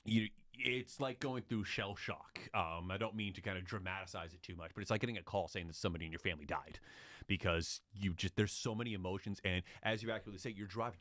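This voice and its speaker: A man, a former news radio reporter, recounting events in a relaxed, reflective interview chat. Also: fairly low pitch. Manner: reflective storytelling, lively when retelling scenes.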